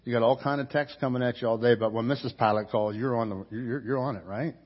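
A man's voice: medium pitch, fairly even intonation, quick pace, muffled recording. A man preaching a sermon as pastor, telling the story vividly and acting out the characters' lines.

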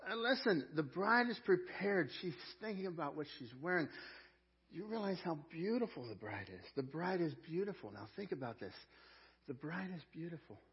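A male pastor preaching a sermon, repeating key phrases and swinging between loud proclamation and hushed storytelling. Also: a little high, sing-song, normal speed, breathy edge, highs cut off.

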